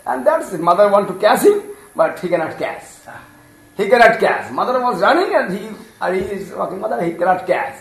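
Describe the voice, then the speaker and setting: A man telling a devotional story in simple English, animated, acting out the characters' voices and laughing often. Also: sits high, brisk, creaky. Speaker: storyteller preacher. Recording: echoey room.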